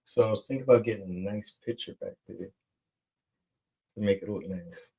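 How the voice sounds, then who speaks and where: Rambling low-voiced man, casual podcast chat. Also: moderate pace, creaky, dark tone, breathy edge, rough recording. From New York. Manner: rambling, teasing. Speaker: podcast co-host.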